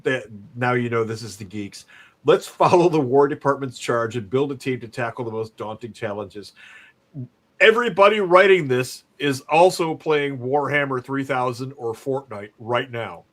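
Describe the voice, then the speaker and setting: A man's voice: mid-range voice, lively intonation, moderate pace, fairly bright tone. A man from the Upper Peninsula of Michigan hosting a casual podcast, making wry jokes. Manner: wry, joking commentary. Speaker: podcast host.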